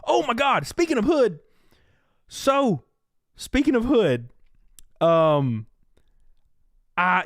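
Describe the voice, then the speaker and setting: A man's voice: high voice, fairly bright tone, dry recording, studio quality. A man hosting a casual livestream chat, talking loosely, laughing at his own jokes and reading out donations. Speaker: livestream host.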